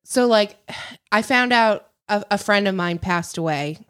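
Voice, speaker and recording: A woman's voice: medium pitch, a little slow, clear, resonant tone. Young woman co-host, easygoing chat. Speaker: podcast co-host. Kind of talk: casual chat.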